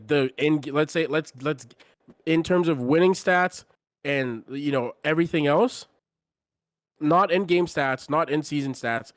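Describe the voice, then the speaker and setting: A man's voice: fairly high pitch, no room sound. Blunt, opinionated man on a dry mic. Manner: blunt, opinionated, trails off and restarts. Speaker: podcast co-host. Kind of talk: casual sports chat.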